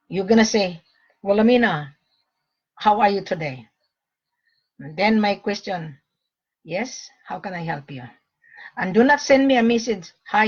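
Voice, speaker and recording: Woman, husky voice, blunt and lecturing, casual live stream, dull lo-fi sound. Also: medium pitch, darkish tone. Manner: blunt, lecturing, with frequent "mm-hmm". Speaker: gold seller hosting her own page.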